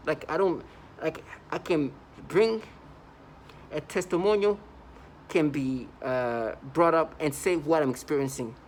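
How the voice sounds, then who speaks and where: A man's voice: on the high side, unhurried, a little hiss or hum, low-quality recording. A man delivering a casual vlog monologue, emphatic and repetitive, often restarting his sentences. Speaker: vlogger.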